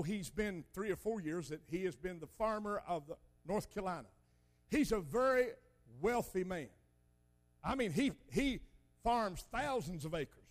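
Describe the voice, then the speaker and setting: An older man preaching a sermon, telling folksy stories with loud emphatic bursts. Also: high voice.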